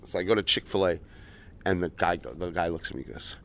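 A man's voice: sits low, fast, gravelly, a bit bright, no room sound, studio quality. A man who works as a chef, co-hosting a podcast in casual chat full of swearing and jokes. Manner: profane, wisecracking, bursts into laughter. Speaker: podcast co-host, restaurant chef. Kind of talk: casual chat, crude banter.

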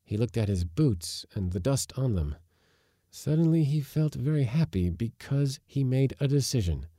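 A man reading a short story aloud, acting out the dialogue with big jumps in pitch and force. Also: expressive, moderate pace, warm tone, no room sound, studio quality. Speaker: narrator.

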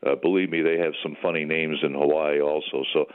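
A man's voice: extremely low pitch, little pitch movement, a little fast, clear, resonant tone. An older man, a retired sports broadcaster, calling in by phone and reminiscing in a folksy, chatty way. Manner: folksy, chatty, many fillers and restarts. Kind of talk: reminiscing interview answers. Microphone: telephone. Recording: tinny phone line.

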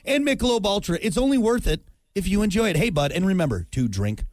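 A goofy male morning show co-host in a radio studio, fond of silly bits and side stories. His voice sits a little high and swoops with lively pitch. The studio mic sounds close and dry. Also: fast, dry recording. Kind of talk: casual radio banter.

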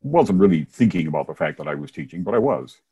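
An older man speaks in a very low, husky voice, mellow and unhurried. He is a minister and former science teacher who tells his story casually and laughs often. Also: sing-song, highs cut off. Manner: warm anecdotal storytelling with chuckles. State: hard of hearing, wears hearing aids.

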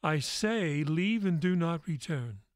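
A man voicing a gentle but firm male teacher in a spoken faith story, with calm, measured lines. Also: on the high side, dry recording, studio quality. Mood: commanding.

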